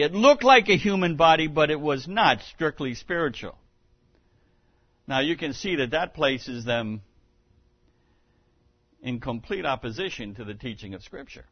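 A man preaching a sermon as pastor, teaching in a measured way with occasional restarts. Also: on the high side, dry recording, muffled recording.

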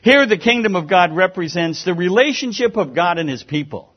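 A man's voice: high-pitched, lively intonation, fairly quick, dull audio. A man preaching a sermon as pastor, earnest and emphatic, sometimes stumbling over repeated words.

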